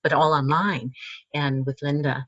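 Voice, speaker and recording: A woman, a guest teacher, chatting in an interview with musing, halting phrases that trail off and restart, heard over a video call. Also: deep voice, fairly even intonation, a bit bright, no echo, dull audio. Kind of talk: casual conversational interview.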